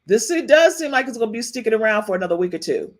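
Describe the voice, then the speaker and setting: A woman's voice: on the high side, very animated, racing. Chatty woman podcast host. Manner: chatty, repeats phrases, frequent "okay?" tags. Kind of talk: casual live-stream commentary.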